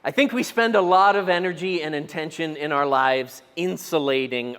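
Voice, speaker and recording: A middle-aged male pastor with a high, light voice preaches in a church auditorium. His words trail off in a long hall reverb. He tells stories with animation, acts out the people in them, and keeps putting questions to the room. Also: normal speed, few pauses, fairly bright tone, clean tone. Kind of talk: sermon.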